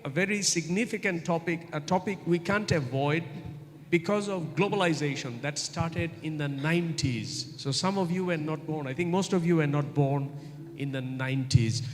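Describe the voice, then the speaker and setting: Middle-aged man lecturing in an echoey hall. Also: on the high side. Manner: asks the audience rhetorical questions and repeats points for emphasis. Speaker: guest lecturer. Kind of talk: university lecture. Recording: echoey hall, faint ambient noise.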